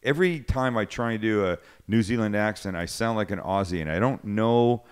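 A man's voice: fairly low pitch, fairly quick, clean tone. A man hosting a cooking show's live cast, rambling through a story with restarts and acting out both sides of a phone call. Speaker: cooking show host. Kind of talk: casual live-cast chat.

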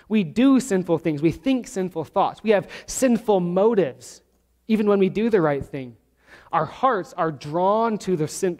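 A man with a high voice preaches to his congregation, working through the text verse by verse. He slows down to stress the key words. His voice rings with a long reverb in the church sanctuary. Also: darkish tone. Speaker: pastor. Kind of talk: sermon.

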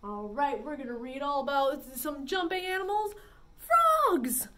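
A young adult woman librarian leading a children's story time, animated and sing-song with big pitch swings. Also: moderate pace, a little hiss or hum.

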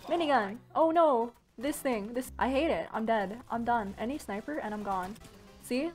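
A woman giving live gameplay commentary at home, excitable, shrieking and exclaiming and making gun noises as she plays. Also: fairly high pitch, normal speed, soft background music. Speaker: gaming YouTuber.

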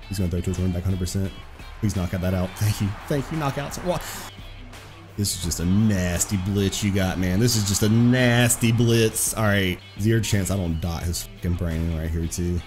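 A young man giving excitable, profane live commentary over his own football video game match, trash-talking his opponent. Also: low-pitched, fairly quick, music in the background. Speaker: gaming streamer.

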